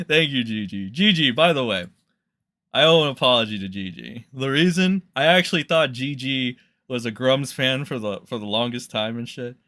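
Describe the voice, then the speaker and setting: Profane, mocking male streamer with a bright voice. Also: mid-range voice, very animated, unhurried. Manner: profane, mocking, rising into loud rants. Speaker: streamer reading tweets. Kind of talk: casual ranting commentary.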